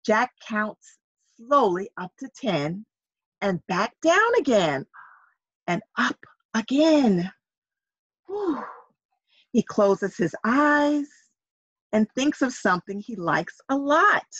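A woman reads a children's book aloud over a video call, slow and deliberate, her fairly high voice swooping up and down as she coaxes her young listeners with questions. The sound is dry and a bit muffled. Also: very animated, fairly bright tone, husky, no echo. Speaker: reader at a virtual story time for children. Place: home setup on a video call.

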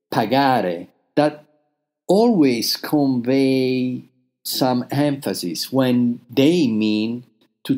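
A man explaining grammar in a recorded language lesson, patient, with pauses between phrases. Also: mid-range voice, a little mellow. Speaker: language teacher.

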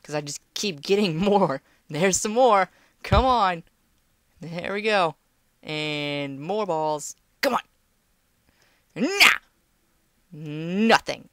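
A woman's voice: lowish voice, animated, slow pace, long pauses, a bit bright, no echo. A young woman commentating a game at home, talking to the screen with playful outbursts and teasing. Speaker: gameplay commentator. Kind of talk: casual let's-play commentary. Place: home room.

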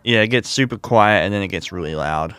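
A man's voice: sits low, fairly quick, fairly bright tone, clean tone, no room sound. A man hosting a let's play with laid-back commentary, swearing and laughing often. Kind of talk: casual gameplay commentary.

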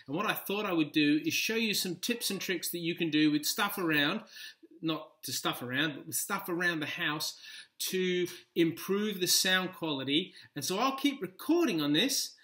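A man's voice: sits high, expressive, moderate pace, bright, forceful tone. A man with an Australian accent giving a playful, chatty how-to demonstration, recorded in a home kitchen on a laptop's built-in mic. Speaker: video tutorial presenter.

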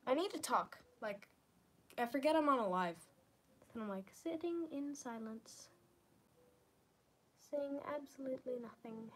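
A young woman live-streaming as she paints, chatting casually to her viewers in a rambling, self-deprecating way that often sinks into quiet murmurs. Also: high-pitched, animated, a little slow, long pauses, slightly rough. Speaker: livestreamer.

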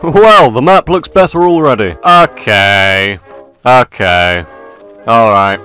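A man's voice: fairly high pitch, very animated, moderate pace, fairly bright tone. A man giving in-character gameplay commentary, with mock-pompous officer-style banter. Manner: mock-pompous upper-class officer banter, laughs at own jokes. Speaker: gaming video creator. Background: faint background music.

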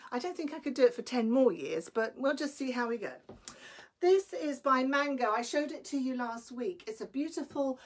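A high-pitched, lively woman sells clothes on a live stream at a normal pace. She's chatty, enthusiastic and a little breathless, greeting her viewers by name.

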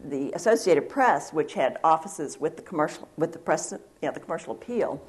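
A woman, a former wire reporter on a panel, telling a lively story and acting out the quotes. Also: deep voice, brisk. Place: university event hall.

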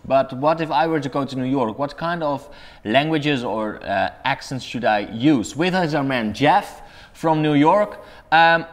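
A man's voice: medium pitch, measured pace. A man co-hosting an interview who asks his questions hesitantly, searching for words. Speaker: co-host. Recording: echoey with long reverb.

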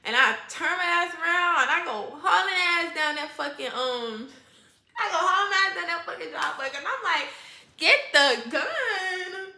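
A young woman, telling a profane, animated storytime and acting out quoted voices. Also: very high voice, fairly quick, echoey room. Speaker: vlogger.

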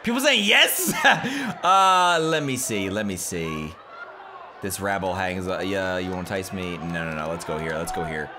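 A man's voice: mid-range voice, very animated, normal speed, a crowd in the background, background noise. A young man commenting on a wrestling game, reading promos aloud with mocking trash talk. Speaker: gaming YouTuber. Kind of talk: let's play commentary.

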